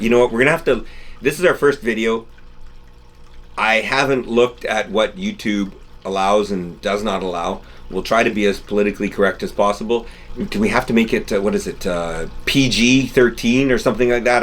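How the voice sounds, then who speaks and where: Host: middle-aged man, lowish voice, animated storyteller, casual on-camera chat, faint room noise. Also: brisk. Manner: rambling, animated storytelling with restarts. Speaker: channel host. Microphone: camera-mounted mic, no lapel.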